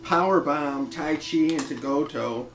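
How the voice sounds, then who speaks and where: A man co-hosting a wrestling podcast, calmly recapping match results in casual talk. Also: on the high side, a little slow, echoey room, soft background music, low-quality recording. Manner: steady recapping of results, laughs along. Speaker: podcast co-host.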